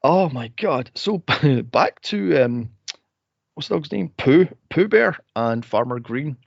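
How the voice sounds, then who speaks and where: A man co-hosting a movie podcast, animated and sweary, laughing and acting out scenes in casual chat. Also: a little high, slow pace, creaky, no room sound. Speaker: podcast co-host. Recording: dry, dull lo-fi podcast audio.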